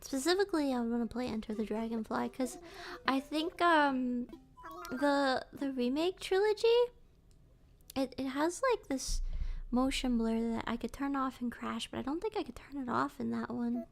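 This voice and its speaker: A woman's voice: high voice, moderate pace, vocal fry. A woman streamer chatting casually while playing a game, laughing often and sometimes dropping into a whisper. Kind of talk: casual gameplay chat. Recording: faint game music behind. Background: faint game music.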